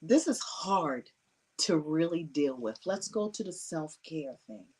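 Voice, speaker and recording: A woman's voice: low voice, lively intonation, measured pace, darkish tone, breathy edge. Emotional woman, slightly distant mic. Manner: earnest and emotional, often laughs. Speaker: conference panelist. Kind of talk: personal testimony at a panel.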